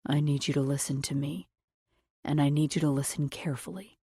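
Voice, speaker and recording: A commanding, protective mafia man, put on by a woman narrator issues short, clipped orders in a deep, hushed voice. The audiobook voice sits very low, and the read is close and dry with no room sound. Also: fairly even intonation, brisk, breathy edge, dry recording. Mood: urgent commanding.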